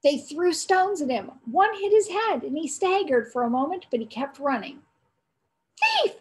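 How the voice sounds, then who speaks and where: Brief: an aunt reading a children's chapter book aloud, high bright voice, storytelling pace. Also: female voice, expressive, poor audio. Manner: storytelling, pausing to quiz listeners.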